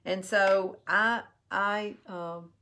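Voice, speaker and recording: A woman tells a heartfelt personal story while doing a makeup tutorial, in an earnest, halting way. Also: mid-range voice, steady tone. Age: 50s. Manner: earnest and heartfelt, with halting restarts and soft drop-offs. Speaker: beauty vlogger.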